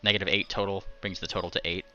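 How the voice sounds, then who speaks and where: Hesitant male game master, bright voice. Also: deep voice, flat delivery, very fast, highs cut off, soft background music. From not from Scotland or Britain. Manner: hesitant, full of ums and uhs. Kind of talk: narrating a tabletop game.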